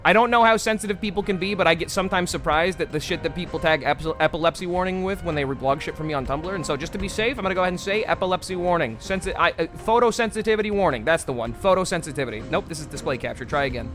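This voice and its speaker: A young man streaming a horror game, excitable and sweary, reading dialogue and breaking into screams. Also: fairly high pitch, very fast, hardly any pauses, soft background music. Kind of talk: gaming commentary.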